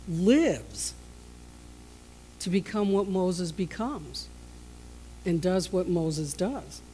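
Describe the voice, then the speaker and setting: A woman pastor preaching a sermon, telling stories and acting out the characters with lively shifts in voice. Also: a little hiss or hum, low-quality recording. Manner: storytelling, acting out scenes with shifts in pitch and loudness.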